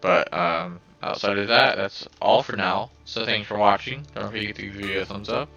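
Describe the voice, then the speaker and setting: Scratchy-voiced male vlogger, low and bright-toned, hesitant delivery with lots of fillers. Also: moderate pace, creaky, muffled recording, soft background music. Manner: hesitant, many fillers and restarts. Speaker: video creator. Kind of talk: casual vlog talk to viewers.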